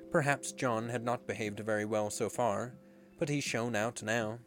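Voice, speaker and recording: A man reading a storybook aloud in a measured, expressive way. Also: medium pitch. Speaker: narrator.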